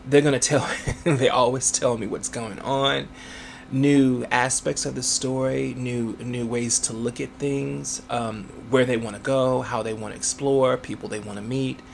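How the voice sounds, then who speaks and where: A man's voice: medium pitch, steady tone, measured pace, gravelly, a little hiss or hum. A man, an author, answering interview questions in a chatty way, laughing often and using many fillers.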